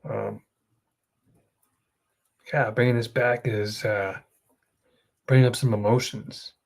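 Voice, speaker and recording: A man's voice: on the low side, steady tone, takes it slowly, creaky. A young man hosting his channel, telling an emotional story in a rambling casual way. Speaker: host. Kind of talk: casual chat.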